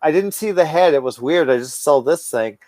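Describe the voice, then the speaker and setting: A man with a slightly high voice rambles through a casual podcast chat, swearing freely and tripping over restarts. He sounds stoned and scattered. The sound is dry and close. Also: lively intonation, a little fast, a little mellow, no echo. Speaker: podcast co-host.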